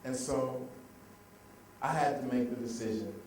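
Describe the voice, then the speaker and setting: A man's voice: mid-range voice, measured pace, recorded from a distance, a little hiss or hum. A young man giving a motivational speech, calling out to the crowd for responses. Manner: lively, call-and-response with the audience. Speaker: motivational speaker. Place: large room with an audience. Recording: very echoey hall, heard from afar.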